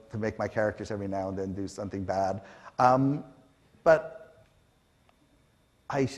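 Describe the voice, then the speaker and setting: A middle-aged man from Canada, telling stories on a conference stage with fillers and acted-out quotes. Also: medium pitch. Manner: animated, acts out quotes, frequent fillers. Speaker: panel guest. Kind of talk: conversational storytelling on stage.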